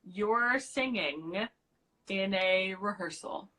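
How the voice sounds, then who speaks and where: A woman's voice: medium pitch, takes it slowly, sharp tone, low-quality recording. A young woman co-hosting a singing lesson, prompting with friendly questions. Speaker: voice coach co-host. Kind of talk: casual interview questions.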